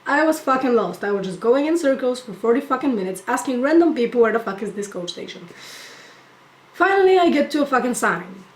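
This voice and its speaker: A woman's voice: a little high, fairly quick. A young woman telling a storytime vlog as a profane, exasperated rant. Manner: profane, exasperated, animated ranting. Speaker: vlogger. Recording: echoey room.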